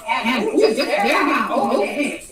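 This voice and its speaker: A woman teacher leading a classroom activity with children, talking in an animated, exclaiming, coaxing way. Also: high voice, slow pace, over a noisy crowd. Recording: echoey room from far off, loud background noise.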